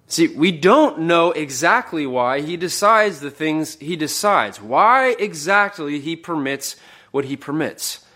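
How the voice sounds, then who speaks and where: Earnest man preaching a sermon. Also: medium pitch. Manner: earnest, rises for quoted outbursts and drops to a hush.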